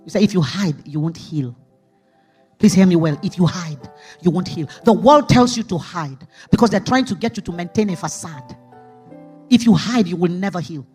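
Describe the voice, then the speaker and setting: A woman preaching a sermon testimony, emphatic, jumping from loud outbursts to hushed asides. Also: lowish voice, lively intonation, moderate pace, slightly rough, faint music behind.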